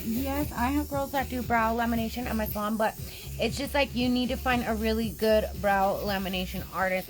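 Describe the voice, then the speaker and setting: A woman's voice: mid-range voice, rough recording. A woman co-hosting a casual stream, reading viewer comments aloud and chatting easily. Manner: reads comments aloud, easygoing. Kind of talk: casual chat.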